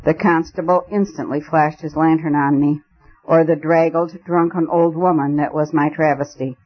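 Brief: male audiobook narrator, slightly high voice, muffled lo-fi recording. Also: fairly even intonation, normal speed. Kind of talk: first-person audiobook narration. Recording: dull lo-fi recording.

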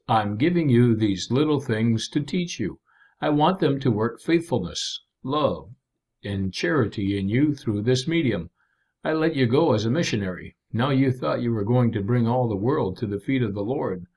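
A man preaching a sermon in an earnest, measured way, with emphatic asides to the congregation. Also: mid-range voice, animated, darkish tone.

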